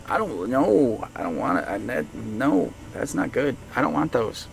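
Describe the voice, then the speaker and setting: A male game streamer chatting to his viewers, thinking aloud and laughing often. He talks at an unhurried pace with a lively, bouncing pitch. Faint music plays behind him. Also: gravelly. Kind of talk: casual live-stream chat while playing.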